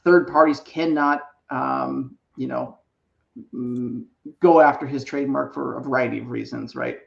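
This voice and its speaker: Gravelly co-host guy, dull echoey mic, explains stuff, lots of "right?". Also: medium pitch, fairly even intonation, a little slow. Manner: explanatory, tags sentences with "right?". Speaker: trademark attorney co-host. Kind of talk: explaining legal process on a live show.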